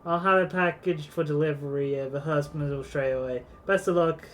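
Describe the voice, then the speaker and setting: Courteous game shopkeeper woman read by a man, businesslike, slightly high voice. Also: steady tone, brisk, a bit bright, faint music behind, close to an everyday voice. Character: smooth-talking female shopkeeper.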